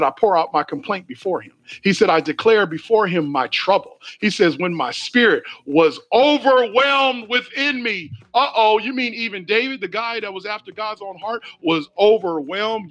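High-voiced preaching man, twang. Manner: preachy and conversational, reads scripture slowly, asks the listeners directly. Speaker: pastor. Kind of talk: sermon.

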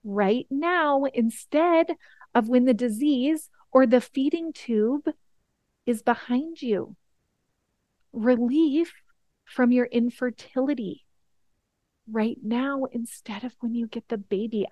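Slow, earnest woman podcast host. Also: fairly high pitch, no room sound, lo-fi sound. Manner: earnest, emphatic, slows down for key points. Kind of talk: motivational podcast talk.

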